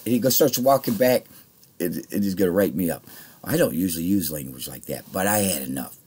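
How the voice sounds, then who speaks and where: A man with a low, husky voice tells a long personal story in loose, rambling speech. He gets heated and swears freely. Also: lively intonation, a little fast, a little mellow. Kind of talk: casual spoken anecdote.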